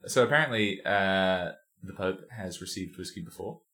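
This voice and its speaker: A man's voice: deep voice, lively intonation, normal speed, fairly bright tone. A man co-hosting a podcast in casual chat, joking, rambling and laughing often. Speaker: podcast co-host.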